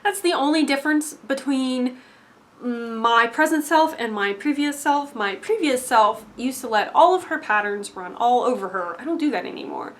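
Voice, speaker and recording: A young woman talking straight to camera in an emphatic motivational monologue, swinging between loud insistence and hushed asides. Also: high-pitched, lively intonation, normal speed, a little hiss or hum. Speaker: spiritual vlogger.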